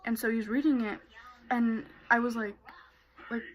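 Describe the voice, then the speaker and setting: Young woman, fairly high voice, casual vlog storytelling, lots of filler words. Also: steady tone, normal speed, dull audio. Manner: casual, many fillers like "like" and "you know". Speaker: vlogger. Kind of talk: personal storytelling to camera.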